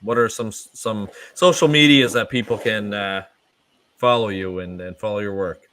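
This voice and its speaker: A man's voice: on the low side, moderate pace, a bit bright, smooth. A man hosting a podcast interview, asking curious, encouraging questions in a casual chat. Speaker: podcast host.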